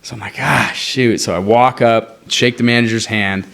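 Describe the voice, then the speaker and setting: A man's voice: on the low side, a little fast, vocal fry, smooth. A young man from Montana, a podcast guest, telling a long story in casual chat and acting out the quoted lines. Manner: animated, acts out quoted dialogue, frequent "like".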